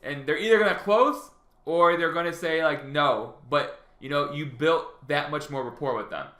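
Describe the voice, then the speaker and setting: A man's voice: a little high, moderate pace, pushed and bright, roomy sound. A man giving casual sales tips to his viewers, rambling with lots of fillers and restarts and acting out both sides of phone calls. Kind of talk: casual advice vlog.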